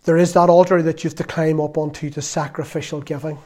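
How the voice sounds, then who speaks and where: Man, 50s, preacher, sermon, earnest, conversational, slightly high voice. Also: little pitch movement, quick pace. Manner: earnest, conversational, dropping to soft confession.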